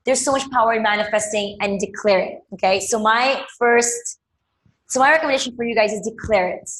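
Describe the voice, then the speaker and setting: A woman's voice: a little high, expressive, fairly quick, fairly bright tone, echoey room. A woman leading a live money coaching session, emphatic, repeating phrases and calling viewers by name. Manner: addresses viewers directly by name.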